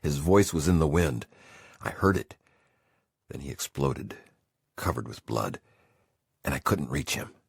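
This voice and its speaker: A man with an extremely deep, gravelly voice narrates a memoir in the first person. His delivery is intense and emotional, swinging widely in pitch, with a husky edge. The recording is dry and close. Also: animated, a little slow, pauses often, no room sound. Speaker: audiobook narrator.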